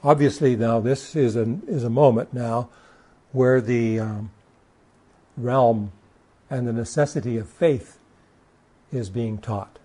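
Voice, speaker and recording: A man delivers a sermon, reading passages of scripture and then expounding on them. His voice is warm and dark with a husky edge, and he leans into key words, sometimes stumbling into quick restarts as he drives his point home. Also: mid-range voice. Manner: occasional stammered restarts. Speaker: preacher.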